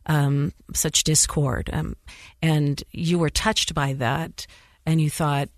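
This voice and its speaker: A woman's voice: low-pitched, fairly even intonation, slow, no echo, studio quality. A woman hosting an interview, encouraging and enthusiastic in casual talk. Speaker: host.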